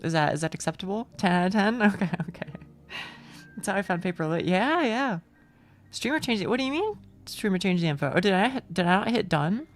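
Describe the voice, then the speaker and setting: A young woman streaming a game live, chatty and excitable, swearing freely and reading out chat. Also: medium pitch, a little fast, faint music behind.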